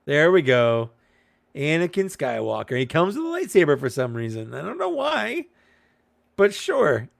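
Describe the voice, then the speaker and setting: A man's voice: a little high, wildly swooping pitch, normal speed, vocal fry, dry recording, clean studio sound. A man in casual live chat while opening toys, laughing often and talking animatedly. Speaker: toy-unboxing show co-host.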